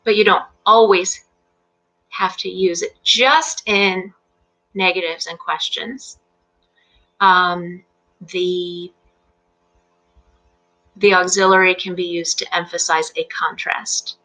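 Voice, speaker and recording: A middle-aged woman teaching English on a live stream, explaining patiently and clearly with fillers and easy laughs. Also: lowish voice, steady tone, slow, long pauses, pushed and bright, rough recording. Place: home in Central Virginia.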